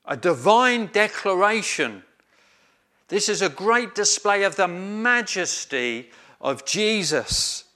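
Male preacher, slow emphatic sermon delivery, bright tone. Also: sits high. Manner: slow, emphatic, with hesitant fillers.

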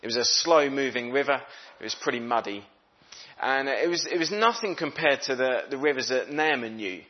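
Male preacher, middle pitch, chatty sermon delivery, slightly lo-fi recording. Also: animated, fairly quick. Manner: conversational, voices characters' thoughts. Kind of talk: sermon with Bible reading.

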